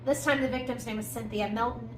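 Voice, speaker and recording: A somewhat high-pitched woman talks through a true-crime case like she's chatting with a friend. She keeps dropping in pointed little asides and fillers. Her voice rings around an echoey room with faint noise underneath. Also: steady tone, fast. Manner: conversational, recounting events with emphatic asides and fillers. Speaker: podcast co-host. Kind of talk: casual true-crime storytelling.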